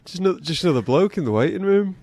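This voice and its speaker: A man's voice: high-pitched, expressive, rapid-fire, darkish tone. A man co-hosting a podcast in casual, self-mocking chat, laughing often. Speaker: podcast co-host.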